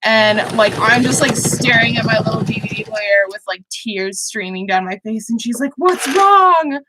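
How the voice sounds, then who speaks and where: A woman's voice: medium pitch, level tone, normal speed, heavy background noise. A young woman hosting a livestream, chatting casually and rambling with many fillers as she sews. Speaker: livestream host. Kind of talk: casual chat while sewing.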